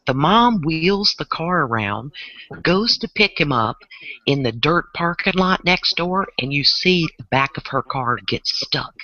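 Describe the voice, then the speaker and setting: Woman in her late fifties from New Orleans, animated storyteller, bright lively voice, swooping pitch, dry muffled online call sound. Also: no echo. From New Orleans, Louisiana. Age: 50s. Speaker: panel guest. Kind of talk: casual storytelling.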